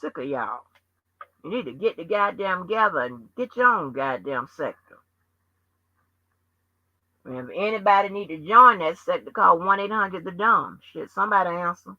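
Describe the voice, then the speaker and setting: A woman on her channel, scolding and cussing through a heated rant. Her voice is piercingly bright and tense. The sound is dull and lo-fi, very dry and close. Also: lowish voice, expressive, normal speed, long pauses, no room sound. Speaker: channel host. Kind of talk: profane livestream rant.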